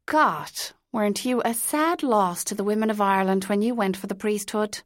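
A woman voicing a witty young woman who runs a hairdressing salon and talks in a teasing, brisk way. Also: mid-range voice, no echo, clean studio sound, close to an everyday voice. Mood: wry.

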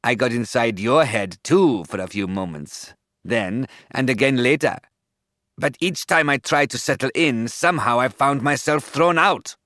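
A man's voice: mid-range voice, expressive, sharp tone, dry recording. Storybook villain: a taunting male serpent, read by a man, dry close sound. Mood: gloating. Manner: slow taunting hiss. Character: menacing giant male serpent, gloating and cruel.

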